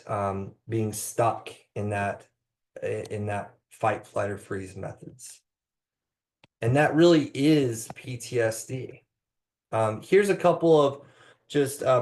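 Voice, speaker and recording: A man's voice: mid-range voice, darkish tone. A man giving a live presentation to clinicians on trauma-informed care, talking with many ums, uhs and restarts. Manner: hesitant, many fillers and restarts.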